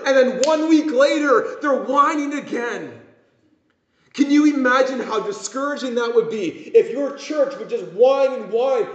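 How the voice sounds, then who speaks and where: High-voiced preaching man in echoey church. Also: expressive, measured pace. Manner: impassioned preaching, acting out whining voices. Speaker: pastor. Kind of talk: sermon. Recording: echoey room, dull lo-fi sound.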